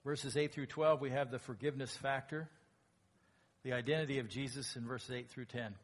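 A man preaching a sermon as pastor, lively and emphatic, acting out quoted lines in a raised voice. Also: medium pitch, normal speed.

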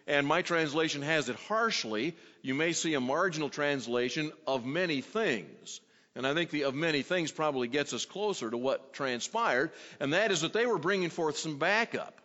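A man preaching an expository sermon, teaching at a measured pace and acting out the quoted questions. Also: on the high side, animated, pushed and bright. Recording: dull sound in a reverberant hall.

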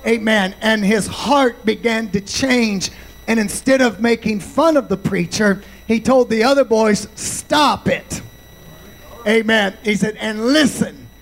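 A male pastor preaching a sermon, slow and deliberate, punctuating points with amens. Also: high voice, poor audio.

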